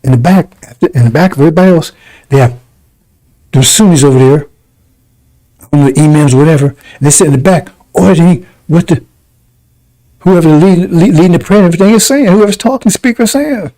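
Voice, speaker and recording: Scornful preacher man, mellow voice. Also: a little high, fairly quick, pauses often, rough recording. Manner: scornful, rambling, laughs mockingly. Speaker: religious broadcaster. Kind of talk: heated scripture commentary.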